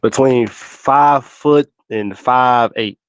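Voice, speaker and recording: A man's voice: mid-range voice, drawn-out words, slight background noise. Laid-back man answering quiz questions. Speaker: podcast guest taking a quiz. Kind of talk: casual group chat on a video call.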